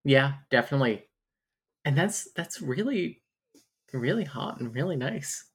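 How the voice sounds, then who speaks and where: A podcast co-host recaps a romance novel in a casual book discussion, wry and candid, laughing often. She has a very deep, husky voice, animated but a little slow.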